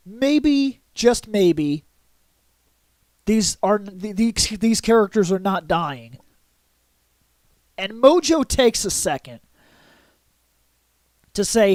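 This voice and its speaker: A man vlogging a casual comic book review in an excitable way, adding sound effects and acting out lines. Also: high voice, takes it slowly, pauses often, no room sound. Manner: excitable, adds sound effects and acts out quotes.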